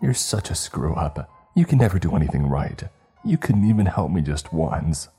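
A man voicing a creature that mimics a young woman's voice, speaking softly and sweetly, then spitefully. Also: rumbling low, sing-song, normal speed, breathy edge, faint music behind, exaggerated voice. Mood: spiteful, shrill.

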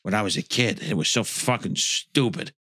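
A man's voice: lowish voice, normal speed, bright, forceful tone, breathy edge, dry recording, studio quality. A man doing a whiny grumbling celebrity.

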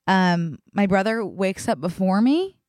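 A chatty young woman co-hosting a podcast, talking casually about her break. Her voice sits at a middle pitch with a dry, close sound. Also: expressive, measured pace, a little mellow, no room sound. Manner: chatty, casual, laughs easily. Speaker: podcast co-host. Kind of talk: casual chat.

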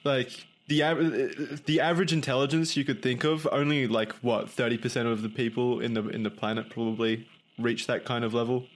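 A man's voice: mid-range voice, fairly even intonation, a little fast, few pauses. A man co-hosting a podcast, joking crudely and offhandedly. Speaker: podcast co-host. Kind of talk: casual chat.

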